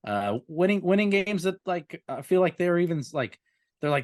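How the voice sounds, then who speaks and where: A man's voice: sits high, expressive, normal speed, no echo, studio quality. A man co-hosting a sports podcast, easygoing and full of fillers as he chats. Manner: laid-back, filler-heavy. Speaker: podcast co-host. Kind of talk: casual chat.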